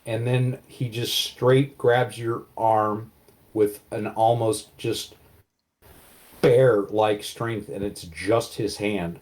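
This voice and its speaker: Low-voiced man narrating a tabletop game. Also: steady tone, slow, a little mellow. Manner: vivid, casual narration with many fillers. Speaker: game master.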